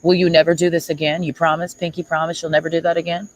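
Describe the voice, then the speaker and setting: On a low-quality recording, a woman streamer with a low, flat-pitched voice talks quickly. She rants at someone in a sarcastic, mocking and confrontational way during a livestream.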